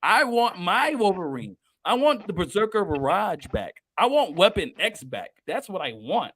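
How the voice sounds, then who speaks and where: A man hosting a casual podcast, talking excitably and emphatically with plenty of cursing. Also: high voice, moderate pace. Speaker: podcast host.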